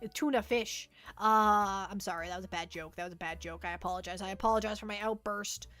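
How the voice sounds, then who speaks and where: Answering viewers' questions on a livestream, this host chats and rambles, circling back to the same points and poking fun at herself. She talks fast at a medium pitch, somewhat bright, over soft background music.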